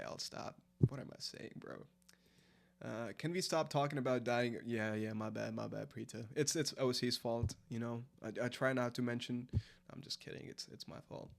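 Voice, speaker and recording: A man's voice: mid-range voice, vocal fry. A man, chatting casually and rambling through a late-night live stream, answering chat as he goes. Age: 20s. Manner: rambling, filler-heavy, answers chat aloud.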